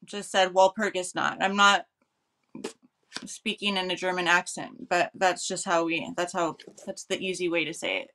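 A woman's voice: on the low side, flat delivery, moderate pace, sharp tone. A woman with a Californian accent, co-hosting a casual live-stream chat and laughing between her phrases. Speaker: co-host.

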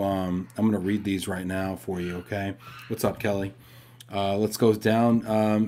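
A man's voice: fairly low pitch, darkish tone. A man hosting a live stream from home, chatting casually and reading viewer questions, upbeat and talking straight to his audience. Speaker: host of a live show.

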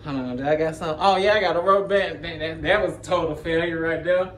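A man's voice: fairly high pitch, fast, a bit bright, slight background noise. A man chatting casually to his channel, rambling in slang and laughing often as he jumps between topics, recorded on a phone. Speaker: gaming YouTuber. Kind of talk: casual vlog chat.

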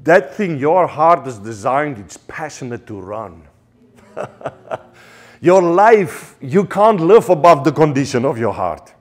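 A man's voice: fairly high pitch, sing-song, takes it slowly, darkish tone. Passionate South African preacher man. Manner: passionate, repetitive, with stammered restarts. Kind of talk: sermon.

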